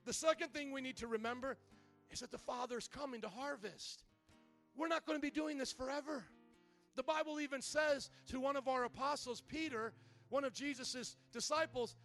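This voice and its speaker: A high-pitched man preaching to his church, moving from soft, thoughtful passages to loud, rousing appeals. Gentle guitar plays quietly beneath his voice. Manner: builds from quiet to loud and impassioned. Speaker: pastor. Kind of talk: sermon.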